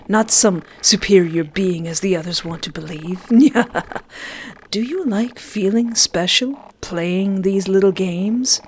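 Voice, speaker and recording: A woman voicing a mocking, manipulative male angelic being who talks in a slow, smug, taunting way. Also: mid-range voice, slight background noise, close to an everyday voice, rough recording.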